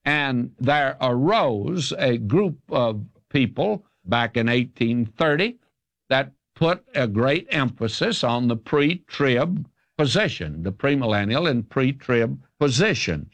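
A man's voice: medium pitch, sing-song, slow pace, no echo. An older man from the South, answering listeners' questions as a radio Bible teacher in an emphatic, folksy way. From American South.

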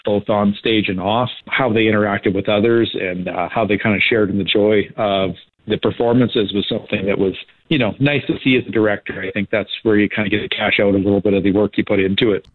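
A man speaking in a relaxed, reflective way in an interview clip. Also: lowish voice, brisk, no echo, phone-quality sound. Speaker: drama club director.

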